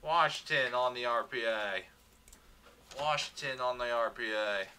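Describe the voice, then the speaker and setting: A man's voice: mid-range voice, measured pace, sharp tone, slight background noise. A man hosting a livestreamed card box break, upbeat, rattling off player names and chatting with viewers.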